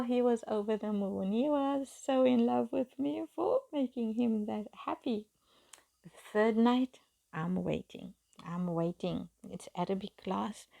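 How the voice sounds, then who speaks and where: A woman's voice: on the high side, gravelly, dark tone. A middle-aged woman telling her own story in a confiding, half-whispered voice. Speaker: storyteller recounting her marriage. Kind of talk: personal storytime monologue. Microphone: phone.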